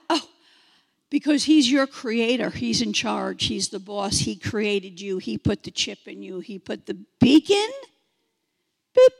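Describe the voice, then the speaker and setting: Gravelly, slow-talking woman preacher in her sixties. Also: fairly high pitch, in a large hall. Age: 60s. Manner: animated, mimics beeping sounds, repeats phrases for emphasis. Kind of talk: sermon.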